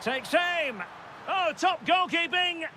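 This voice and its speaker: A man's voice: sits high, lively intonation, a little slow, fairly bright tone, a little hiss or hum. A man voicing a football play-by-play commentator in a video game, calling the action in short bursts that rise sharply at chances and goals. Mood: lively.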